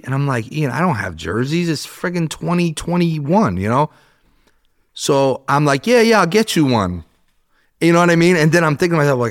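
A podcast guest in his thirties tells a story during casual chat, animated and swearing as he acts out what people said. He has a mid-range voice and a normal speed.

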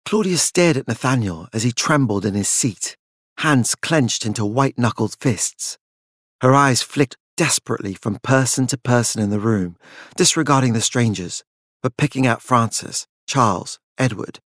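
A man narrating a dark gothic story in a measured, even storytelling voice. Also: medium pitch, no echo, studio quality. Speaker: audiobook narrator.

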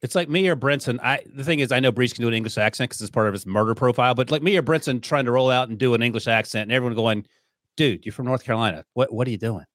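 A man's voice: medium pitch, very fast, hardly any pauses, no echo, clean studio sound. A man co-hosting a casual sports podcast, teasing and wisecracking. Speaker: podcast co-host.

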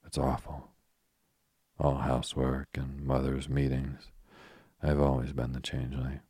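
A man reading the part of a spirited, frank young woman in a soft, even, unhurried voice. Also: a bass voice, breathy edge, dry recording, clean studio sound, heavily acted. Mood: wistful.

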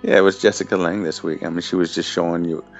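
A co-host chats easily on a podcast, laughing as he goes. His voice is very low. The sound is dull and lo-fi, with faint music behind. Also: flat delivery, quick pace. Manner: laughing, easygoing. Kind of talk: casual chat.

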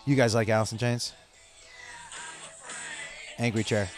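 A man hosting a comedy podcast, telling stories in a profane, animated way and laughing at his own jokes. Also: lowish voice, unhurried. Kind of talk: casual comedic monologue. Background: faint rock music playing.

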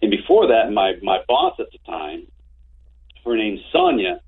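Guy in his 50s telling stories over a tinny phone line, kinda husky and low. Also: a little slow. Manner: animated anecdotes with frequent restarts. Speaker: interview guest. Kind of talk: casual storytelling. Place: home office.

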